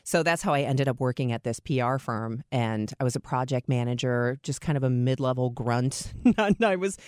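A middle-aged woman tells stories from her working life in a relaxed interview. She is candid and self-deprecating, and she leaps up in pitch to act out what people said. The studio sound is dry and close. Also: normal speed, no echo. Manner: lively, self-deprecating, acts out quotes with big pitch jumps. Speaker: radio host, guest. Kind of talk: conversational interview storytelling.

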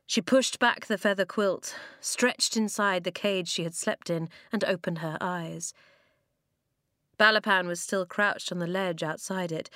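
Female audiobook narrator, lowish voice, dry close recording, children's fiction. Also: a bit bright, no echo. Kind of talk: audiobook reading of a children's novel.

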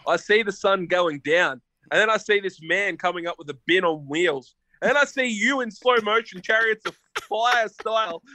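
A man co-hosting a podcast in casual chat, excitable and swearing, often calling his co-host by name. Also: sits high, dry recording.

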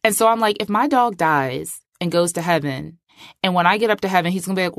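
A woman's voice: lowish voice, lively intonation, normal speed, a bit bright, no echo, clean studio sound. A middle-aged woman hosting a podcast, talking in a chatty, emphatic way and often saying "like". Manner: chatty, emphatic, heavy use of filler like. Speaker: podcast host. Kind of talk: casual podcast monologue.

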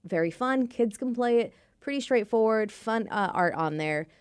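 A woman co-hosting a casual board game chat, bubbly and animated. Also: on the high side, normal speed, smooth, no room sound. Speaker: podcast co-host.

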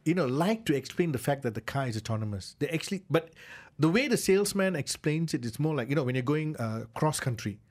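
A man's voice: a little high, sing-song, quick pace, few pauses, a little mellow. A man on a radio car show, chatting in a loose, rambling way with lots of fillers as he shares opinions from the studio. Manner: chatty, rambling with many "you know" fillers. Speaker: regular car show co-presenter. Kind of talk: casual radio chat.

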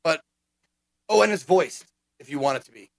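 A man chatting casually as a gaming podcast co-host, animated and profane, acting out quotes as he tells stories. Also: on the high side, moderate pace, vocal fry, dry recording. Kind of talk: casual chat.

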